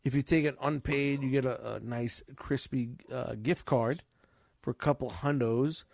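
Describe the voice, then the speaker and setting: A man's voice: mid-range voice, steady tone, moderate pace, creaky, a little mellow, no room sound, clean studio sound. A man in casual chat, venting about his retail job with constant swearing.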